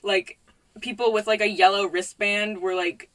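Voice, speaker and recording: Young female co-host, bright tone, rambling and filler-heavy, easygoing chat. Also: mid-range voice, fairly even intonation, moderate pace. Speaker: podcast co-host. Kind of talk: casual chat.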